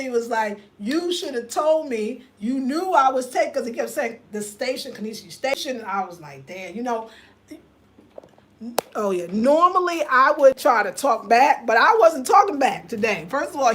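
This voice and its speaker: An older woman telling a story in a casual, animated way, swearing and acting out the other people in it. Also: a little high, moderate pace. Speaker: vlogger.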